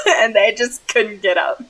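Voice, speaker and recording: A woman's voice: fairly high pitch, fairly bright tone, poor audio. A young woman streamer telling a story in a casual vlog, bubbly and giggly, with many "like" fillers. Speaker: streamer recapping a role-play game.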